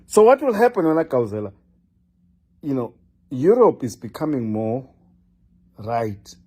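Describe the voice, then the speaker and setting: A man's voice: mid-range voice, very animated, unhurried, long pauses, mellow, slightly rough. An older man delivering a scolding, lecturing political monologue, addressing one person directly and repeating his name for emphasis. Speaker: political commentator.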